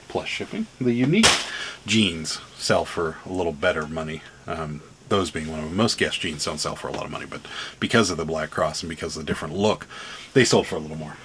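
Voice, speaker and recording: A man's voice: sits low, fairly bright tone, a little hiss or hum. A man with a Pittsburgh accent chatting casually on his vlog about items he has sold, rambling with lots of ums and laughing now and then. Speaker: reseller vlogger.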